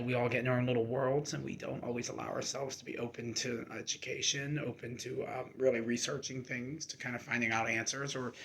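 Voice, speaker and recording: A man's voice: mid-range voice, a little hiss or hum. A young man candidly telling his own story, emotional and rambling, with many fillers and restarts. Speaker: army reservist sharing his story. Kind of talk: personal storytelling to camera.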